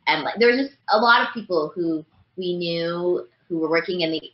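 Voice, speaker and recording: A woman's voice: on the low side, moderate pace. A woman voice actress chatting as an interview guest, rambling with lots of fillers. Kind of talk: casual interview chat. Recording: roomy, dull lo-fi sound.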